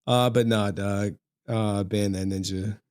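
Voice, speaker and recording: A man's voice: lowish voice, fairly even intonation, unhurried, a little mellow, smooth. A young man ranting on a livestream, profane and mocking, often breaking into laughter. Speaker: streamer. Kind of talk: livestream rant.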